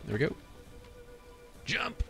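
A man's voice: takes it slowly, pushed and bright, faint music behind. A man streaming a video game, chatting to himself in a goofy, joking way. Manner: goofy, self-talking, laughs at his own jokes. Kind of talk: casual gameplay commentary.

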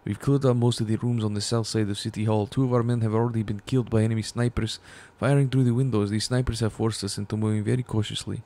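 A man's voice: fairly low pitch, fairly even intonation, fast talker, few pauses, mellow, lightly acted. A man voicing a young male Soviet soldier reading his war journal aloud in a put-on Russian accent. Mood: solemn. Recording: gunfire and game noise behind.

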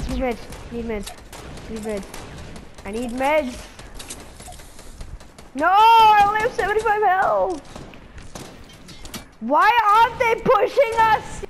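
A woman's voice: extremely high pitch, expressive, slow pace, long pauses, noisy background. A woman giving frantic live gameplay commentary as a gaming channel host, repeating her pleas again and again. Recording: loud game gunfire under the voice. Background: gunshots and game sound effects.

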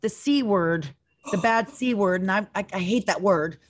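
A woman's voice: mid-range voice, moderate pace. A woman co-host in a casual interview, blunt and swearing, stammering as she tells a story.

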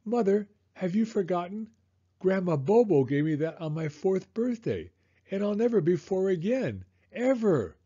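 A whiny, theatrical little boy pleads in a high, lively voice, as a man reading aloud puts him on. The sound is dull and lo-fi. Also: moderate pace, slightly rough, exaggerated voice. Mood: dramatic.

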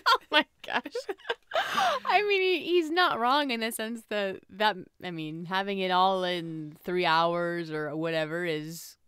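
A young woman co-hosting a casual movie podcast, expressive and quick to laugh. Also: on the low side, clean tone, no echo, clean studio sound. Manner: giggly, expressive. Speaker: podcast co-host. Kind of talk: casual chat.

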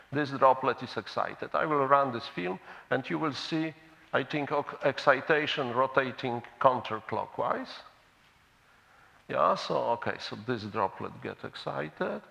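Man, conference lecturer, gravelly voice, hesitant restarts, muffled hall recording. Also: medium pitch, pushed and bright. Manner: halting, restarts words, explains slides and a video. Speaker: conference speaker. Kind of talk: scientific conference talk.

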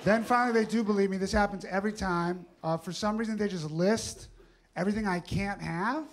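A man's voice: sits high, a little fast. A man doing a live stand-up comedy set on a club stage, telling stories wryly and acting out the questions people ask him. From New York. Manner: wry, storytelling, acts out other people's questions.

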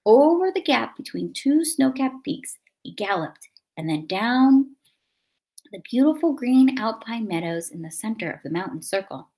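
Expressive woman reading a storybook. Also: a little high, moderate pace. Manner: expressive, dynamic. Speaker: narrator.

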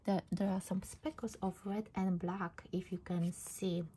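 A woman's voice: mid-range voice, steady tone, measured pace, mellow, breathy edge. A woman hosting her craft channel, chatting casually and gushing about a handmade card she received. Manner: gushing, repeats "I love". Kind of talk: casual chat opening mail.

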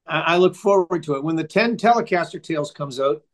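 A man's voice: fairly high pitch, a little fast. An older man, a musician guest in an interview, telling rambling, chatty stories in a casual way.

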